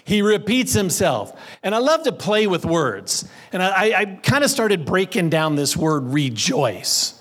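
A man's voice: high voice, big pitch swings, moderate pace, hardly any pauses. A man preaching a sermon, reading scripture aloud and playing with words as he leads his congregation in call and response. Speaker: pastor.

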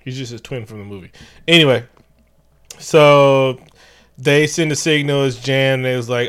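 Animated, profane man reviewing a movie. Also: mid-range voice, moderate pace, clean tone. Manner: animated, profane, jokey storytelling. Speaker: podcast co-host. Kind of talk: casual movie review chat.

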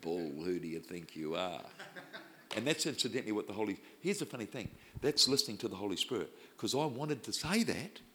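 A man preaching, telling a personal story in an animated way and acting out the people he quotes. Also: fairly low pitch, fairly quick, a little hiss or hum. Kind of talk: storytelling sermon.

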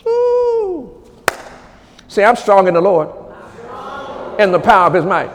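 A man preaching a charismatic sermon as pastor, dropping to low murmurs and rising to high shouted commands. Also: normal speed, in a large hall, a little hiss or hum.

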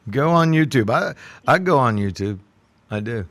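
A man's voice: medium pitch, animated, moderate pace, a bit bright, no echo. Joking man, dry close sound. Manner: joking, playful, teasing. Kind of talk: casual chat.

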